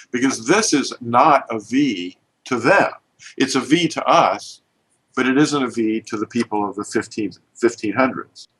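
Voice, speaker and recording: A man's voice: medium pitch, fairly bright tone, poor audio. A man teaching an informal lesson, pointing at letters and explaining with emphatic, restarting speech.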